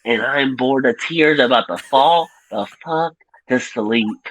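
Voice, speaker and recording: A young man co-hosting a casual film review podcast, ranting profanely and laughing through animated retellings. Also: medium pitch, slow pace, no echo, rough recording. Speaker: podcast co-host.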